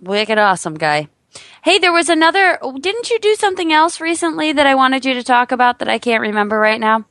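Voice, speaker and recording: A woman's voice: sits high, fairly even intonation, fast, few pauses, fairly bright tone, no echo. A young woman co-hosting a podcast in casual chat, teasing and rattling off plugs. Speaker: podcast co-host.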